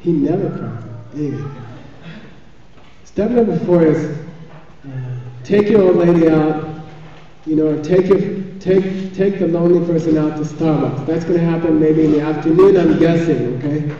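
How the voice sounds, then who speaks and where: A man's voice: fairly high pitch, moderate pace, dark tone. A man giving a spiritual teaching in a chatty, joking way, often checking in with his listeners. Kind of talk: live dharma teaching. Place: large teaching hall. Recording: echoey hall, far from the mic, dull sound.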